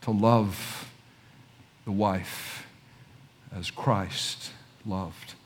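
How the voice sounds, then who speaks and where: A man's voice: deep voice, steady tone, extremely slow. A man preaching a sermon, dropping to near whispers and then rising to urgent, repeated emphasis. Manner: repeats and restarts phrases when pressing a point.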